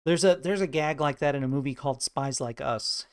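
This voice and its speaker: A man's voice: a little high, smooth, no echo. Man chatting on a stream, wry jokes, stop-start talk, dry close sound. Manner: wry joking banter, halting restarts. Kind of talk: casual chat.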